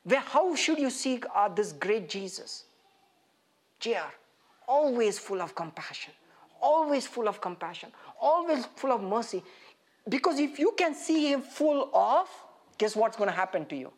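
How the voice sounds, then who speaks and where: A man preaching an interactive sermon, animated and putting questions straight to his listeners. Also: very high-pitched, measured pace.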